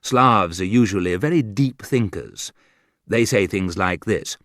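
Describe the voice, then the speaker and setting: A man reading a humorous book aloud in a dry, wry manner, with sudden lifts in pitch. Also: expressive, unhurried, a bit bright, dry recording. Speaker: audiobook narrator. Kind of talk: scripted humorous narration.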